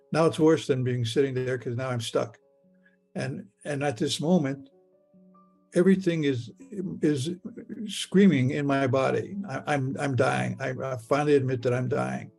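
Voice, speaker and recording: A man retelling a personal experience in the first person and the present tense, halting and stammering as he repeats his words. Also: medium pitch, steady tone, gravelly, a little mellow, soft background music. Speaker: near-death experience witness.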